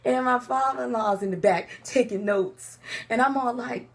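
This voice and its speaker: A woman telling a personal story in casual vlog style, animated and laughing often. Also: moderate pace. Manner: animated storytelling, laughs often, jumps into high pitch for quoted lines. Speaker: vlogger.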